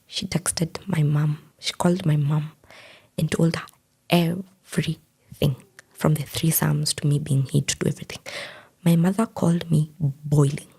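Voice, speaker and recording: This young woman's voice is deep, gravelly and warm, slightly rough, with a steady tone and a measured pace. She is giving an earnest personal account in an interview, recounting something painful and repeating the words others said to her.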